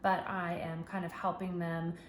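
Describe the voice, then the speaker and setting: A woman teacher guiding parents through a tutorial, patient, slowly stretching out letter sounds. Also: on the low side, little pitch movement, reverberant, background noise. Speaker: kindergarten teacher.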